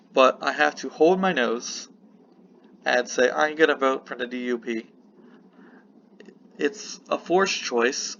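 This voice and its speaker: A man delivers casual political commentary, his mid-range voice rough with vocal fry. He wanders off track and interrupts himself with apologetic asides. The recording sounds slightly muffled, with a faint hiss underneath. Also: mid-range voice, pushed and bright. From United States. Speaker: political vlogger.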